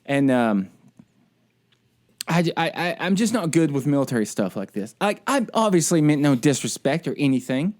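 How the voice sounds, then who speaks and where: Male podcast co-host, worked-up storyteller with a higher-than-usual voice. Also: moderate pace. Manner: animated ranting storyteller. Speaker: military service member. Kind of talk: casual podcast chat.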